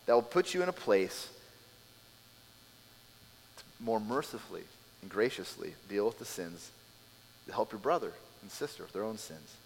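A man preaching a sermon as a pastor, telling the scene in a lively way and acting out the people in it. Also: on the low side, moderate pace, creaky, long pauses, long reverb tail, a little hiss or hum. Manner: animated storytelling, acting out scenes.

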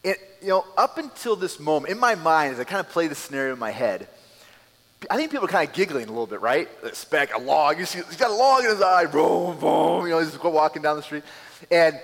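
Animated male pastor preaching in an echoing hall. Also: on the high side, brisk. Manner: animated storytelling, acting out scenes. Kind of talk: sermon.

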